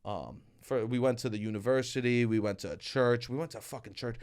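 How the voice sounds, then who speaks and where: A young man co-hosting a podcast, telling stories casually with swearing and mock shouting. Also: medium pitch, fairly quick, smooth. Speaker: podcast co-host. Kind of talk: casual chat.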